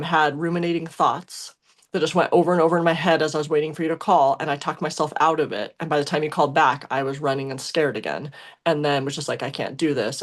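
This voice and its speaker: A young adult woman co-hosting a podcast tells a casual, emotional story about a past relationship. Her voice sits low, and she rambles with lots of fillers, restarts and self-corrections.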